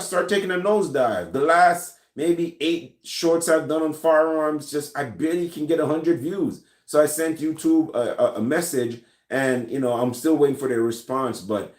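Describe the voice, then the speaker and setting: Relaxed Jamaican man in an echoey room. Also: fairly high pitch. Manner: relaxed, rambling, many fillers and restarts. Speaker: channel host answering viewer comments. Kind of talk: casual live chat. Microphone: recorded in a room with his gun collection.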